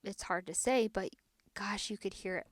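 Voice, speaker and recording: A woman's voice: medium pitch, moderate pace, no echo. Chatty woman recounting a ghost story. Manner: chatty, filler-heavy retelling. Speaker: podcast host. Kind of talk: casual paranormal storytelling.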